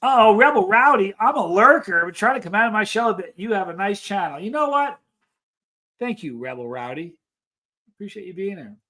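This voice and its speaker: A man with a high-pitched, sharp voice hosts a live stream and chats casually with his viewers. He reads their messages aloud and tells rambling stories.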